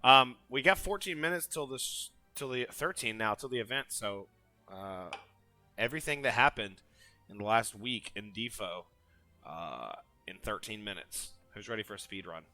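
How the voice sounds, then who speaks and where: Male stream host, bright and upbeat, dry close-mic sound. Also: lowish voice, moderate pace, dry recording, faint music behind. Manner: energetic, hyping up the chat. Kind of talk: casual gaming stream chat.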